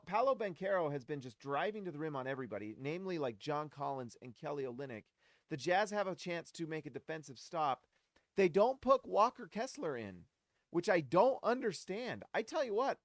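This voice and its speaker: A man hosting a basketball fan show, giving casual post-game commentary in an animated, exasperated rant, often talking straight to his audience. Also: fairly high pitch, no room sound, studio quality. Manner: talks straight to the audience, shouts at players.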